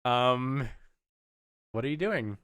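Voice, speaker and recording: Lively male game master. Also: mid-range voice, takes it slowly, clear, resonant tone, no room sound, studio quality. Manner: animated, laughs often, casual fillers. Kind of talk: narrating a tabletop game.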